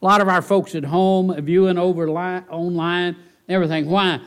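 A man preaching a sermon in church, folksy and animated, often asking the congregation rhetorical questions. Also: high-pitched, normal speed, clean tone. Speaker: pastor.

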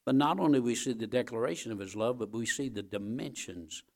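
A man's voice: medium pitch, brisk, a little mellow. Emphatic male preacher, repeating lines. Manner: emphatic, repeats phrases, rises and falls in volume. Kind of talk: sermon.

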